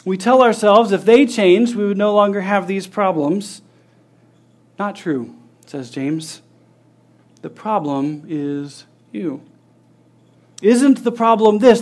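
A man's voice: high-pitched, slow, pauses often. A man preaching a sermon, teaching earnestly with rhetorical questions and acting out everyday scenes. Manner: acts out scenes with lively voices.

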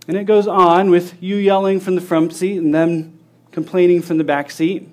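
A man's voice: high voice, moderate pace. A man preaching a sermon, teaching earnestly with rhetorical questions and acting out everyday scenes. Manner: acts out scenes with lively voices.

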